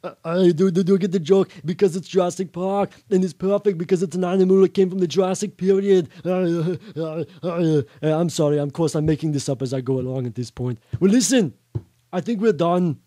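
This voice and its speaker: A man's voice: high voice, warm tone, no echo, clean studio sound, lightly acted. A man impersonating a boastful action-star bodybuilder with an Austrian accent, reading a novel aloud and ad-libbing with stammered fillers. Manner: halting, full of stammered fillers and ad-libs.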